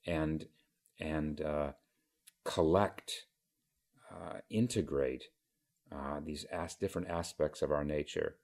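Very deep-voiced, slow, halting Zen teacher. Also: male voice, steady tone, darkish tone. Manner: halting, measured, frequent pauses and fillers. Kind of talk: dharma talk.

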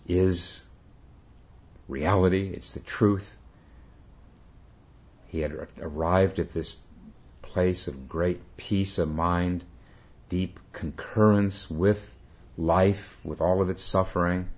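A man, a Zen teacher, telling a story in a dharma talk, pausing often and correcting himself. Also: low-pitched, husky. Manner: halting, self-correcting. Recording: dull lo-fi recording.

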